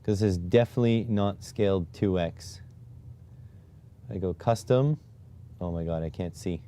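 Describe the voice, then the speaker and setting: This live streamer has a low-pitched, warm voice and talks a little slowly. He mutters to himself while adjusting display settings, his frustration showing in repeated sighs of "oh my God" during the casual stream.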